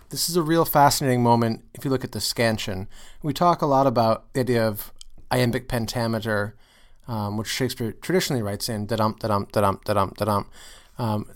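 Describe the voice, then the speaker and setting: A man co-hosting a casual theatre podcast, talking about poetry and staging with enthusiasm and jokes. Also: medium pitch. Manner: enthusiastic, animated, jokey. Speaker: podcast co-host.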